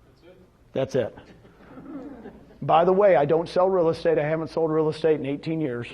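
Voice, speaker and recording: A middle-aged man with a rather high, husky voice speaks to a live audience. He gives a motivational sales talk and keeps the energy up. He quizzes the room with rhetorical questions. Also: fairly even intonation, quick pace, darkish tone. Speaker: seminar speaker.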